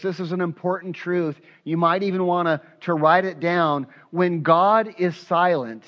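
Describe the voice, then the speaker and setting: A man's voice: fairly high pitch, highs cut off. A man preaching a sermon as pastor, acting out prayers aloud with passion. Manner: impassioned, acts out prayers aloud.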